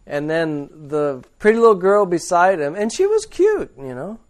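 A man's voice: high-pitched, sing-song, moderate pace, darkish tone. Chuckling preacher man telling a rambling story. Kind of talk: informal storytelling sermon.

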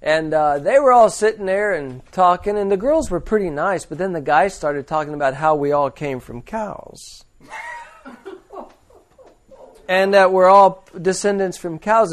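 Guy preacher rambling thru a story, kinda high voice, chuckles a lot, blunt. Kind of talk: informal storytelling sermon.

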